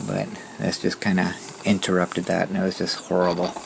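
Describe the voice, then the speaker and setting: A deep, creaky male voice with a totally flat delivery at a normal pace. He rides a mobility scooter and tells a meandering, casual vlog story, often starting over, in a Southern Ontario, Canada accent. Loud ambient noise fills the background.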